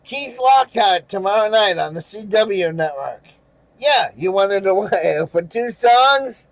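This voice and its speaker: An older man rants about a broadcast in an angry, sarcastic way, breaking into bitter little laughs and swearing freely. His voice sits fairly high and he drags his words out slowly. The sound is dry and close, with no room around it. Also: animated, gravelly, no echo, poor audio. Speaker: channel host reading viewer comments. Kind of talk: casual rant over screenshots.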